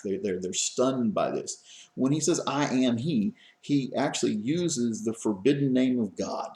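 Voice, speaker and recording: A man with a lowish, slightly mellow voice and vocal fry gives a college lecture in an echoey lecture room. His classroom talk is conversational, full of fillers and restarts.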